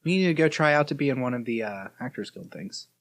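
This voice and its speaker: Young male podcast cohost, lively up-and-down delivery, raunchy joker. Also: mid-range voice, fast talker. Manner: crude jokes, frequent laughter. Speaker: podcast co-host. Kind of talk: casual comedic chat.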